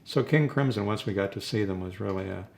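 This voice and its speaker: Older male rock drummer, gravelly voice, rambling and reminiscing in an interview. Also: fairly low pitch, fairly quick, darkish tone, slight background noise. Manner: rambling, reminiscing, chuckles between stories. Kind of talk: casual interview storytelling.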